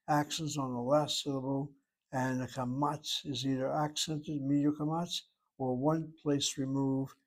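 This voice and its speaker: An older man giving a methodical Hebrew grammar lecture, explaining each point step by step. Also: fairly high pitch. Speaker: Hebrew teacher.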